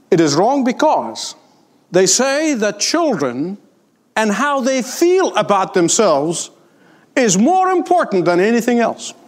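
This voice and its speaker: An older man preaching a sermon, emphatic and repeating his points for weight. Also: high-pitched. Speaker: pastor.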